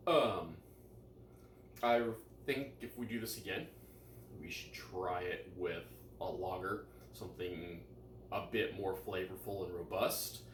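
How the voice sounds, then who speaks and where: A man's voice: sits low, measured pace, background noise. A man chatting casually through a home cooking experiment, laid-back and self-deprecating, with plenty of ums and uhs. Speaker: cooking vlogger. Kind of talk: casual vlog chat. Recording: echoey room, mic some distance away.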